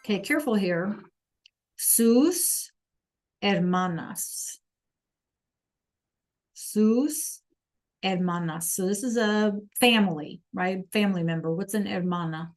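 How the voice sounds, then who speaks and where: A woman's voice: medium pitch, normal speed. A woman teaching an online Spanish class over a video call, encouraging students to answer in the chat.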